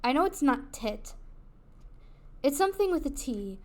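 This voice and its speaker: A woman's voice: sits high, very animated, normal speed, darkish tone. A woman streaming a video game, chatting casually with her viewers in a giggly, rambling way. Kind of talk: casual gaming livestream chat.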